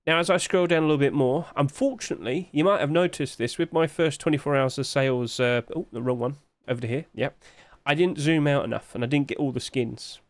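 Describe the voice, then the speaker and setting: A man's voice: on the high side, brisk, few pauses, dry recording. A man who hosts a commentary channel and thinks aloud in a chatty way while talking through sales figures. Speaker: game market analyst. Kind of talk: screen-share commentary.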